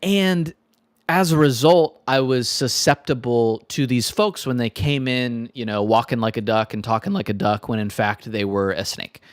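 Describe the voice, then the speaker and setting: A man's voice: medium pitch, fairly even intonation, moderate pace, dry recording, clean studio sound. Thoughtful man in casual podcast talk. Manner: thoughtful, rambling, many "like" fillers. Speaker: podcast co-host. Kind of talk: casual chat.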